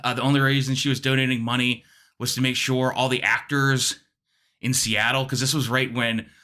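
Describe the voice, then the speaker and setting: A young man, a guest comedian, telling animated stories with lots of fillers and the odd swear. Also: mid-range voice, moderate pace. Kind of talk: comedic storytelling.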